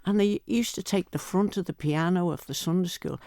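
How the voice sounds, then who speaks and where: A woman's voice: on the low side, a little fast, dark tone, dry recording, studio quality. An older woman with a Manx accent, a guest telling self-mocking anecdotes in a casual interview. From Isle of Man. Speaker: guest entertainer.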